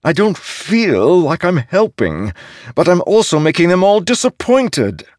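A man's voice: high voice, very animated, a little mellow, no room sound, clean studio sound, pitched above the performer's own voice. Man doing a timid, nervous star-spirit. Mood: anxious earnest. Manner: hesitant, halting, pleading.

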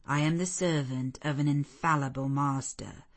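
A woman reading the part of a stern, zealous male missionary clergyman in a deep, relentless, commanding manner. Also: fairly even intonation, moderate pace. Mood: resolute. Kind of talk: audiobook character voice.

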